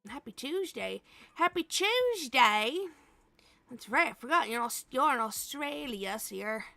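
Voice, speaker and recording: Speaking at a moderate pace, this American streamer has a slightly high, expressive voice that is gravelly and sharp, with no echo. Tired and quick to laugh, she casually chats with her viewers and greets them by name.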